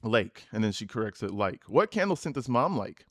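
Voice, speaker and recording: A man's voice: lowish voice, big pitch swings, normal speed, no room sound, studio quality. A man giving a crude, sarcastic reaction commentary, mocking the texts he reads aloud and often laughing. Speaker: online commentator.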